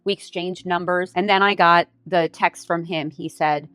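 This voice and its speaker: Animated woman telling a family story. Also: on the low side, moderate pace, smooth, dry recording. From United States. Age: middle-aged. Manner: animated, acts out her own quoted lines with lots of "like". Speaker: vlogger. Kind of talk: casual storytelling.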